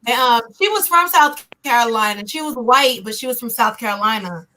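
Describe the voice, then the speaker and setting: Woman, thirties, animated chat host, high-pitched and bright. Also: brisk, slight background noise. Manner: animated storyteller, acts out her own reactions. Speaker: podcast host. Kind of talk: casual storytelling chat.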